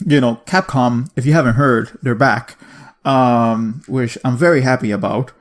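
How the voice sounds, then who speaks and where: A man co-hosting a casual video game podcast, rambling with lots of fillers and quick laughs. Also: mid-range voice. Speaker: podcast co-host. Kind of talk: casual chat about video games.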